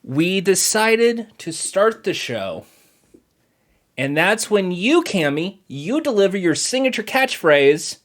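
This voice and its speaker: Man, comedy host, animated voice, joking banter, laughs a lot. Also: high-pitched, slow pace. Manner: playful and joking, laughs often.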